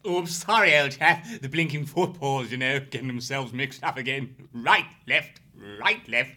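Man voicing clumsy young hare, flustered apologies, bright crisp voice. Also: mid-range voice, normal speed, pitched above the performer's own voice. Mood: apologetic.

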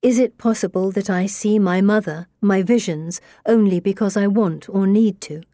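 Woman reading a story, steady first-person narration, dry close mic. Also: medium pitch, normal speed, no echo. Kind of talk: audiobook narration.

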